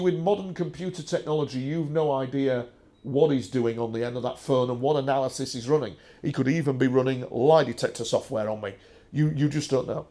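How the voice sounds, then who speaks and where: A man's voice: mid-range voice, warm tone. A man giving a rambling, emphatic first-person talk with slides, full of restarts and filler sounds. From England. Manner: emphatic and digressive, with frequent uh and restarts. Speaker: speaker presenting a talk with slides.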